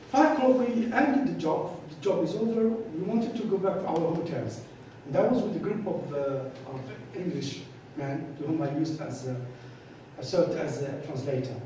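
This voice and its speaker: A man's voice: on the high side, warm tone, slight background noise. A man giving a lecture, telling anecdotes and acting out both sides of the dialogues, recorded in a hall from some distance. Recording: echoey hall, voice from far off.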